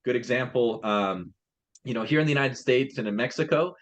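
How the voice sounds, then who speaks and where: A man's voice: medium pitch, expressive, brisk, highs cut off. A man in a casual business chat, explaining his translation company's process step by step and often restarting his phrases.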